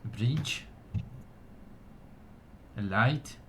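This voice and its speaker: A man voicing a village elder who gives a measured ceremonial blessing at a gathering. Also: lowish voice, lively intonation, bright, forceful tone, slight background noise, full character voice. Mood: solemn. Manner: slow, measured ceremonial speech.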